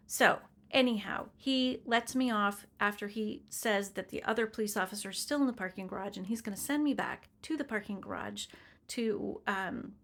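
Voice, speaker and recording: A woman's voice: medium pitch, a bit bright. A woman in her forties, chatty and self-deprecating, telling a personal story in casual vlog style. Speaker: vlogger.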